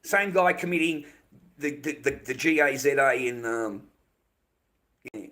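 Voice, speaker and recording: A man's voice: mid-range voice, unhurried, fairly bright tone. Ranting, swearing Australian man. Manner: heated, profane, repetitive ranting. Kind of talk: ranting livestream monologue.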